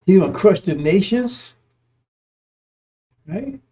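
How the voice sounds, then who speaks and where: Slow and animated, pausing often, a religious teacher with a high-pitched, dark-toned voice preaches on scripture. His informal, emphatic style is repetitive, with frequent chuckles and free swearing.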